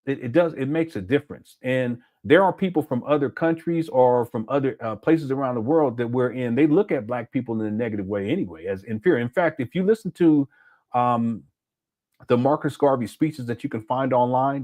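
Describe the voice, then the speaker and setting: A man's voice: mid-range voice, brisk, darkish tone. Man chatting on a live stream. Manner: conversational, reads chat messages aloud and reacts. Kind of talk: casual commentary live stream.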